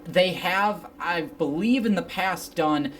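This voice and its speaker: A woman's voice: on the low side, slow pace. A woman hosting a casual interview, curious and rambling, with many fillers. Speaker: podcast host.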